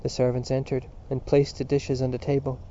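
Man reading an old novel, flat and mellow, kinda muffled lo-fi audio. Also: mid-range voice. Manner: measured, even storytelling. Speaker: narrator. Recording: dull lo-fi audiobook recording with faint hiss.

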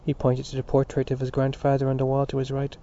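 Dark-voiced male audiobook narrator. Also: medium pitch, monotone, quick pace. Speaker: audiobook reader. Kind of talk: scripted narration of a novel. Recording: dull lo-fi recording.

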